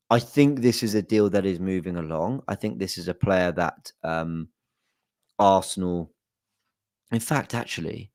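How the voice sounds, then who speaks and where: A man's voice: on the low side, darkish tone, dry recording. A young man hosting a football fan channel, talking casually with lots of fillers and hedges. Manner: chatty, hedging, many fillers. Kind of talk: casual chat to camera.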